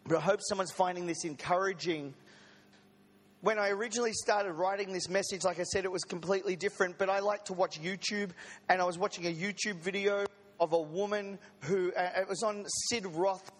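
A man's voice: high-pitched, fairly even intonation, brisk, in a large hall. A man preaching a sermon to a congregation, in a conversational manner with joking asides. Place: church service.

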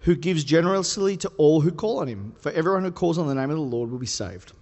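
A man delivering a sermon with a fairly high voice that carries a long reverb tail through the hall. He keeps it conversational and playful, then pushes up into emphatic peaks. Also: animated, fast, darkish tone. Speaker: preacher.

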